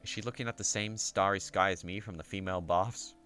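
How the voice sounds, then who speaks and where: A man streaming himself as he reads a visual novel aloud, narrating in the first person in a soft-spoken, unhurried way. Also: low-pitched, fairly even intonation, soft background music.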